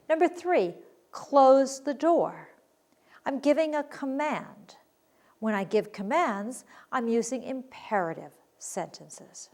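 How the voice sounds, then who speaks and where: Lively high-voiced woman teaching grammar. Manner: clear, deliberate explanation with emphatic readings of examples. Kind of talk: recorded grammar lesson.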